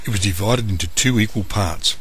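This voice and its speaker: A man reading a bedtime story aloud, gentle and measured. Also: on the low side.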